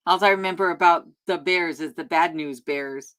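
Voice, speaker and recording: Woman doing a live q&a from her remote home, lowish voice, friendly and chatty, lots of ums and little laughs. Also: moderate pace, fairly bright tone. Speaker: YouTube host answering live chat. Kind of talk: casual live-stream chat, reading viewer comments aloud.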